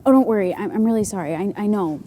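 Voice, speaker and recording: A woman's voice: medium pitch, animated, warm tone, close to an everyday voice. A woman doing an awkward, fumbling youth leader guy. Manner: halting, apologetic, flustered.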